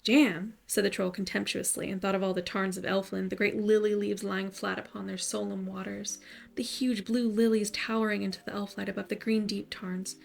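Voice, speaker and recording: A woman storyteller reading a fairy tale at bedtime. Her delivery is soft and soothing, with a gravelly, fry-touched texture at mid pitch. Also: level tone, a little fast, faint music behind. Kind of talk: gentle bedtime story narration.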